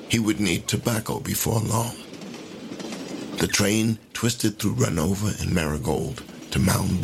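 A man narrating a story in an unhurried, folksy way. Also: sits low, vocal fry.

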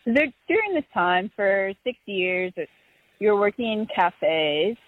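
A woman's voice: medium pitch, sing-song, measured pace, no echo. A woman interviewing a guest, asking chatty questions full of fillers. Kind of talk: casual interview chat. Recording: tinny phone-like line, dry.

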